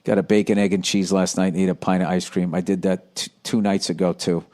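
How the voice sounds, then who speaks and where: A middle-aged man hosting a casual solo podcast, reading listener letters aloud in a rambling, profane way with sudden excited outbursts. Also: deep voice, fairly quick. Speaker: podcast host.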